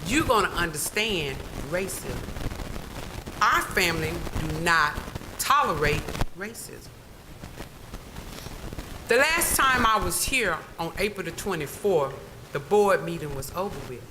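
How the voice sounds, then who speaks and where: A woman's voice: on the low side, animated, measured pace, pauses often, noisy background. A woman giving an emphatic public comment at a board meeting, telling her story and repeating key phrases. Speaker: public commenter, former employee.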